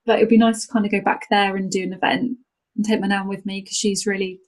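A woman's voice: medium pitch, flat delivery, fast talker, rough recording. Chatty young woman rally driver. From North Wales. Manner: chatty and enthusiastic, many restarts and fillers, laughs often. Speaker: rally driver and podcast co-host. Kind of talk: casual conversational interview.

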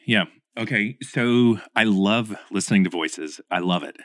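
A man's voice: on the low side, unhurried, fairly bright tone, dry recording. Chatty man with a dry, close sound. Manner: talkative, enthusiastic, acts out quotes. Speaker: podcast guest, audio editor. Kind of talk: casual podcast chat.

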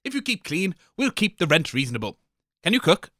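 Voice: mid-range voice, very animated, a little fast, fairly bright tone, no echo, studio quality. A performer voicing a pompous, bossy radio co-host in a comedy audio sketch, imperious and rude.

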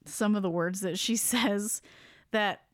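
A woman's voice: mid-range voice, unhurried, no echo, clean studio sound. A woman hosting a podcast, chatting casually as she retells a ghost story, often laughing. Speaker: podcast host.

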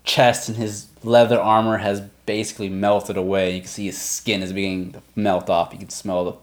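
A man's voice: lowish voice, flat delivery, fairly quick. A laid-back man narrating and ruling as game master of a tabletop game, laughing easily with his players.

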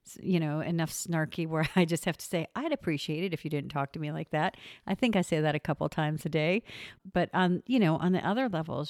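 A middle-aged woman host chatting casually, telling stories with animated restarts and laughs. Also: low-pitched, dry recording, studio quality. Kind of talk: casual chat.

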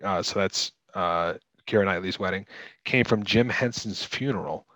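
An American man co-hosting a casual film discussion, chatty, often restarting and clearing his throat. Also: sits low, normal speed, a bit bright, no echo, low-quality recording. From United States. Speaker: podcast co-host.

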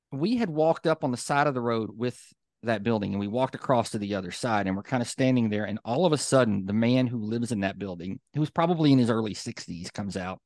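A man's voice: medium pitch, a little mellow, dry recording, studio quality. A man co-hosting a podcast, telling stories casually with plenty of fillers and getting fired up. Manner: chatty storyteller, many fillers, gets fired up. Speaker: podcast co-host. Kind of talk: casual chat.

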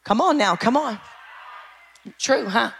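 A woman pastor preaching to her church. Her voice sits high and sounds bright and forceful. She shouts and keeps calling out to her congregation. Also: lively intonation, takes it slowly, vocal fry, a little hiss or hum. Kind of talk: sermon. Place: church sanctuary.

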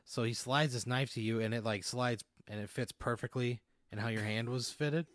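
A man's voice: mid-range voice, steady tone, normal speed, fairly bright tone, dry recording, clean studio sound. A man running an improvised role-play game as game master, narrating in a rambling way with many fillers.

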